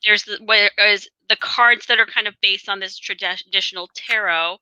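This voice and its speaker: A woman's voice: medium pitch, steady tone, normal speed, pushed and bright, smooth, no echo, muffled recording. A woman co-hosting a podcast, explaining casually with many fillers. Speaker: podcast co-host.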